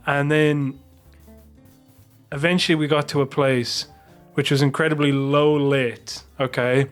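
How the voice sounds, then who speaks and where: A man's voice: medium pitch, level tone, measured pace, faint music behind. A man on a podcast telling a long, rambling anecdote with plenty of swearing. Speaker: podcast co-host. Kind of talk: casual podcast chat.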